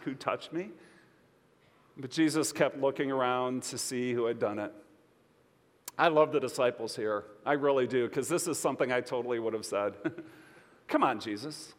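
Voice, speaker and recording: Male pastor preaching in a hall. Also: mid-range voice. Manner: expressive preaching with conversational asides. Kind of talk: sermon.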